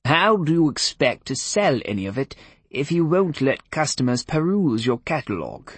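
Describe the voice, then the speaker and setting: A man's voice: fairly high pitch, sing-song, normal speed, breathy edge, dry recording, voice pushed up. A man voicing a genial, avuncular priest who speaks in a soothing, fatherly way.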